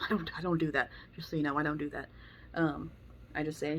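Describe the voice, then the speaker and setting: A woman's voice: low voice, fairly even intonation, brisk, vocal fry, a little hiss or hum. A young woman giving blunt, opinionated advice about dogs and kids in a casual monologue. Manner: blunt, opinionated, acts out quoted voices. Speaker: dog trainer vlogger.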